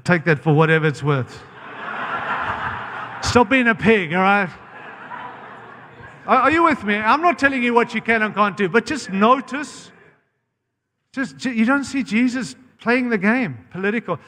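American preacher guy, blunt and fired up, kinda high voice, lots of hall echo. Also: expressive, moderate pace, pauses often, sharp tone, slight background noise. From United States. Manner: impassioned, blunt and direct, often breaking off mid-phrase. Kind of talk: sermon. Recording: long hall reverb.

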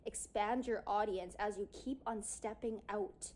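Woman talking casually to her audience, lots of "like", acts out her old self, mid pitch. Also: fairly even intonation, a little slow, darkish tone. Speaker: speaker on confidence and yoga. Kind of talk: personal storytelling talk.

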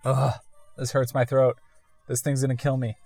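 A woman's voice: very deep voice, flat delivery, moderate pace, gravelly, darkish tone, dry recording, faint music behind. A woman casually commenting while playing a video game, chatty and self-amused. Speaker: let's-play gamer.

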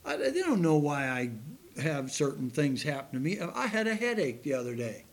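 A man's voice: a little high, sing-song, moderate pace. A man in his sixties, a pastor, preaching a sermon with folksy, self-deprecating stories and laughing at his own tales.

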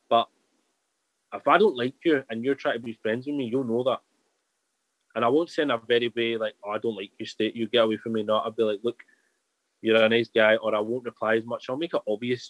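A man's voice: mid-range voice, no echo, low-quality recording. A man chatting as a podcast guest, candid and rambling, often restarting his sentences. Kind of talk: casual chat.

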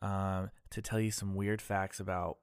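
A man's voice: low-pitched, level tone, unhurried, clear, resonant tone, dry recording, studio quality. A man hosting a casual podcast chat, joking and laughing often. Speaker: podcast host.

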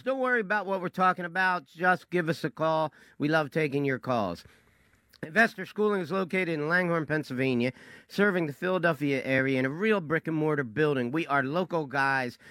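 A male radio host with a bright, slightly high voice, delivering a promotional opening. His delivery is upbeat and clear, and the sound is close and dry. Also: dry recording.

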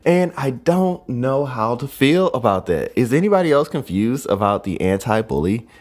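A man's voice: medium pitch, big pitch swings, normal speed, a little mellow. A young man hosting a podcast, telling a story in a rambling, profane way and adding "right?" after nearly every phrase. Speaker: podcast host. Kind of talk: casual solo monologue.

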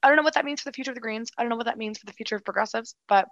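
A woman co-hosting a casual political chat, animated and quick, full of restarts and "like". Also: a little high, dry recording, lo-fi sound. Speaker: political commentator, co-host.

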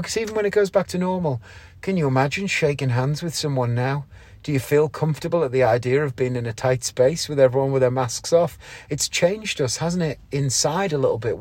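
A man's voice: medium pitch, darkish tone, no echo. A man hosting a podcast, talking in a rambling, chatty way with frequent ums and asides. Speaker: podcast host and variety magician. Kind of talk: casual podcast monologue.

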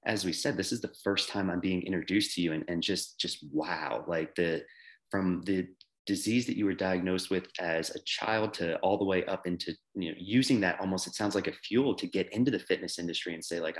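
A man's voice: low-pitched, brisk. A man co-hosting an interview podcast, asking a guest questions in a rambling, hesitant way with many fillers. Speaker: podcast co-host.

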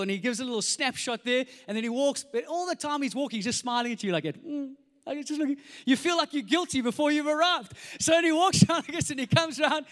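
A man preaching a sermon in a large church, energetic and jokey, acting out little voices in his stories. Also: very high voice. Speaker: pastor. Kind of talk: sermon with comic storytelling. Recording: reverberant church hall.

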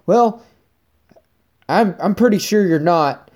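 An irate hunter shouts across the woods, his voice jumping high and loud, put on by a man retelling the story. He barks short, angry demands. The tone stays harsh, with a mellow undertone underneath. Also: expressive, slow, full character voice. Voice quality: loud, barking.

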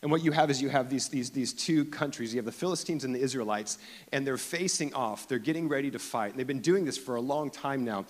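A man's voice: medium pitch, fast. A man pastor preaching a sermon in a casual, storytelling way with many restarts. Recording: long echo of a church hall.

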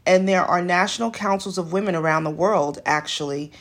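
A woman's voice: on the low side, brisk. A woman from New York City hosting a podcast, talking in a casual solo monologue, chatty and full of digressions, recorded in a home studio. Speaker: podcast host.

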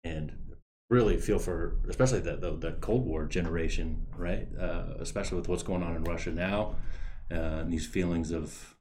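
A man on a talk show speaking in a reflective, halting way, with many pauses and restarts. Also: sits low, a little mellow, a little hiss or hum. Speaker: program guest. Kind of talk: casual interview talk.

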